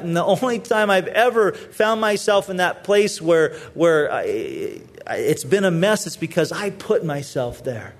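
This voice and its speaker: A man's voice: fairly high pitch, expressive, a little slow, few pauses. A man preaching a sermon, earnest and pleading, often repeating words as he presses his point. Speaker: pastor.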